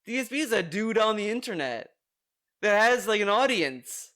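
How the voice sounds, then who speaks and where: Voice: medium pitch, sing-song, moderate pace, a bit bright. A streamer giving exasperated, ranting commentary on a video, swearing freely. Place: home streaming room.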